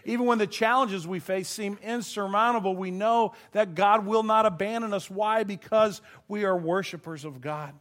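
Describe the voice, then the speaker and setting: A man with a slightly high voice delivers a sermon from the pulpit. He speaks with earnest feeling and laughs easily. When moved, his voice grows thin and quiet. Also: steady tone, normal speed, hardly any pauses. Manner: earnest, emotional, given to laughing and choking up. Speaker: pastor.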